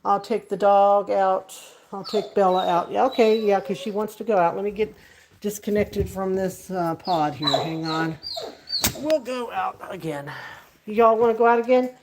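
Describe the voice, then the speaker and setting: A woman's voice: medium pitch, measured pace, background noise. A woman chatting casually with viewers on her livestream, rambling from topic to topic. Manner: rambling, friendly, talks sing-song baby talk to her dogs. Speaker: livestream host. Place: home kitchen and backyard.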